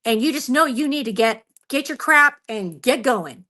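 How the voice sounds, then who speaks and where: This is a woman guest on a radio show, recounting a story with lively, expressive energy. Her voice is fairly high and very bright, and she laughs often as she talks. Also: normal speed. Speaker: Bigfoot researcher guest.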